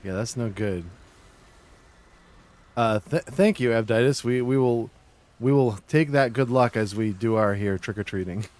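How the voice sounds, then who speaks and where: A man from Massachusetts chatting casually on his livestream, halting and restarting often as he talks. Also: medium pitch, a little mellow. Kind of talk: casual stream chat.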